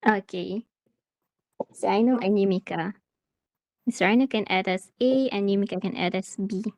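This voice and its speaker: Brief: woman teacher, from Malaysia, online class, soft mellow tone, dry sound, hesitant with fillers. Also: medium pitch, moderate pace, dry recording. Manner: hesitant, many fillers and restarts. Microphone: video call.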